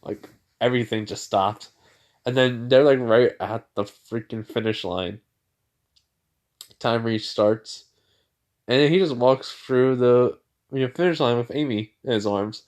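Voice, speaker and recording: A man casually retells a fan-made story, rambling and stacking up filler words as he goes. His pitch sits in the ordinary middle range for a man. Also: a little slow, pauses often, darkish tone.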